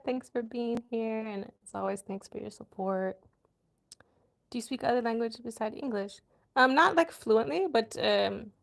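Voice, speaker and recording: A woman hosting a casual livestream, chatting loosely with her viewers and filling pauses with ums and likes. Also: fairly high pitch, vocal fry, a little mellow. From USA. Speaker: livestream host. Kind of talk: casual live chat with viewers.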